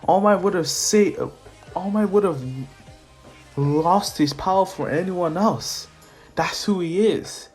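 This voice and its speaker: A man voicing an earnest teenage boy hero who reassures his friend in a calm voice. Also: sits high, takes it slowly, soft background music, pitched above the performer's own voice.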